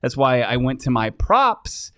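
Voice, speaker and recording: A man co-hosting a casual sports betting chat, easygoing and quick with asides. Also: mid-range voice, big pitch swings, bright, forceful tone, dry recording.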